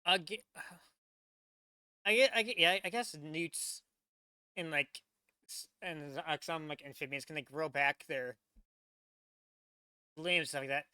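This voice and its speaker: A man casually reacting to a video, rambling and excitable as he talks. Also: on the high side, measured pace, long pauses, clear, resonant tone, no echo. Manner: rambling, excitable, many restarts. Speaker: reaction channel host.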